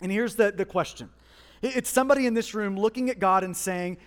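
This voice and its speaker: A male pastor delivers a sermon in a strikingly high voice, heartfelt and driven, doubling his first words as he pushes forward. The sound rings with the long tail of a large hall. He slips into quoted speech as he preaches. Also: a little fast. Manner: impassioned, repeats words when starting phrases, voices God and listeners in quotes.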